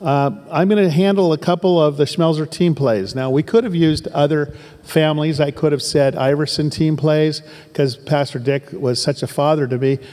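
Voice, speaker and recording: A man's voice: fairly high pitch, fairly even intonation, moderate pace, hardly any pauses, a little mellow, in a large hall. A man in his sixties from southern Oregon, a pastor giving an emphatic sermon full of repetition and folksy asides.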